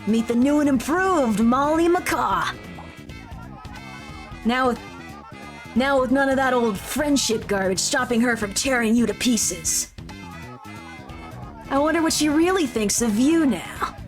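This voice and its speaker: A woman's voice: high voice, animated, measured pace, pauses often. A woman voicing a sneaky, scheming villain skunk in a cartoonish game, smug and taunting, over faint game music.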